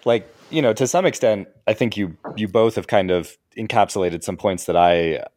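A man co-hosting a film podcast, critiquing calmly and listing complaints in casual chat. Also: on the low side, normal speed, dry recording, studio quality.

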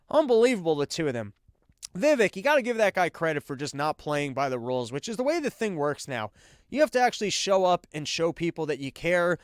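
A man's voice: a little high, smooth, no room sound, studio quality. Sarcastic man hosting a political podcast. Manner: irreverent, sarcastic, rambling. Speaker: podcast host. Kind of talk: casual political commentary.

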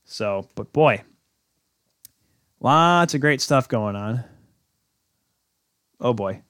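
A man's voice: mid-range voice, a bit bright, clear, resonant tone, no echo, clean studio sound. A man hosting a sports podcast, talking casually on his own in a rambling, joking way and correcting himself as he goes. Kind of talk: casual solo sports talk.

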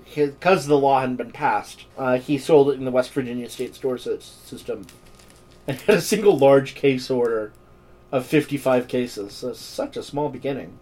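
Reading history notes aloud with irreverent, joking asides, this podcast co-host speaks in a medium-pitched, darkish voice. The talk is casual, and the audio quality is poor.

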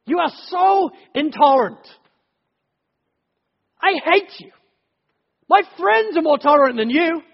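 A man voicing a defiant modern man who indignantly shouts accusations at God. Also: sits high, lively intonation, moderate pace, lo-fi sound.

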